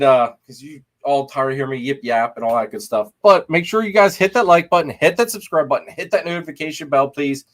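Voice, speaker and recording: A man hosting a casual live-stream chat, joking and laughing as he talks. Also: medium pitch. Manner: animated, joking, lots of laughter. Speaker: podcast host.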